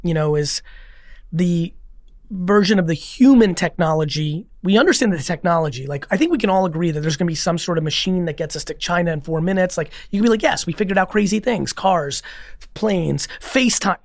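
A man as a podcast guest, telling a personal story in a casual, rambling, animated way with free swearing. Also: high-pitched, a little fast, no echo.

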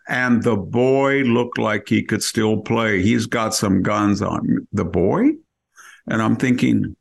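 Low gravelly man arguing on a podcast. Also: unhurried. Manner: argumentative, asks rhetorical questions; frequent restarts and self-corrections. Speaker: podcast regular. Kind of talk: opinion podcast commentary.

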